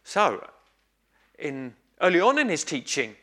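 A man preaching a sermon, telling a story in a measured, reflective way with pauses. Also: on the high side, huge pitch swings, a bit bright.

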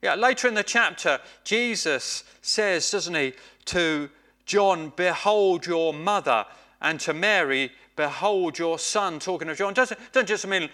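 A man preaching a sermon in a slow, deliberate way, drawing out key phrases and repeating them for emphasis. His voice sits a little high for a man and sounds bright and clear.

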